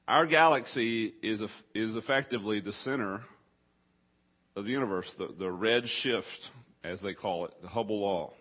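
A man preaching a sermon to a congregation, his voice husky and interrupted by coughing. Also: mid-range voice, highs cut off. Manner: coughing, choked up.

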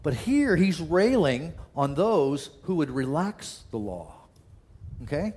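A man delivers a sermon in a loose, conversational way, his voice sitting slightly high for a man. He often stumbles and restarts mid-sentence, then slips into short acted-out quotes to make his point. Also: big pitch swings, takes it slowly, a little mellow, slightly rough. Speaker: pastor.

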